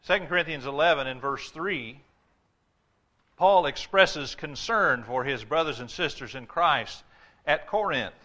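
Male pastor, higher bright voice, emphatic sermon delivery that dips low for warnings. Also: animated. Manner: emphatic preaching, drops low and slow for warnings.

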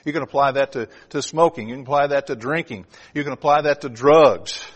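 A male preacher delivers an emphatic sermon in a medium-pitched voice, speaking a little fast. His delivery rises and drops for emphasis, and he puts direct questions to the congregation in the pews.

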